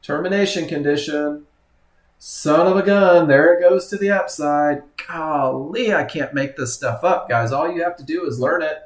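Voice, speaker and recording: A man's voice: on the high side, normal speed, roomy sound. A man teaching a live trading webinar, commenting on charts and often exclaiming at what the market does. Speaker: trading instructor.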